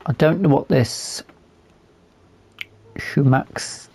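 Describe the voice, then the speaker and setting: A man with a hoarse, fading voice, calmly commentating a game as he plays and thinking aloud with fillers. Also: fairly high pitch, takes it slowly. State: losing his voice. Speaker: gaming video host.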